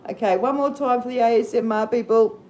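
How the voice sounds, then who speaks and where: A woman's voice: on the high side, a little fast, a little mellow, slight background noise. A middle-aged Australian woman chatting casually on her live stream, rambling and self-deprecating and laughing easily at herself.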